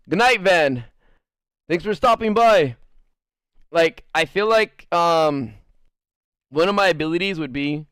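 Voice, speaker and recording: A man's voice: a little high, a bit bright, clear, resonant tone, dry recording, clean studio sound. A man streaming live, telling rambling stories to his chat and acting out quotes in jumping voices, with a lot of swearing. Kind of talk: casual storytelling to live chat.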